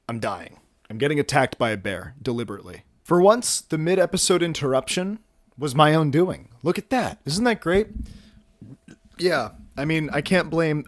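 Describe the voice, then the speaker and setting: A man's voice: mid-range voice, dry recording, clean studio sound. A young man in his twenties vlogging at home, rambling and joking at himself with lots of fillers and restarts. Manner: rambling, self-mocking, many fillers and restarts. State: slightly out of breath. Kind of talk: casual rambling vlog.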